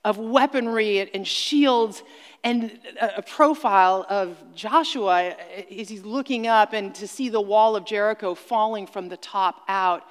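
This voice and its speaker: A conference speaker with a mid-range voice and measured pace tells a dramatic story on stage, preaching with emphatic exclamations in a sermon-like talk. She comes through a stage sound system in a large hall, with long reverb.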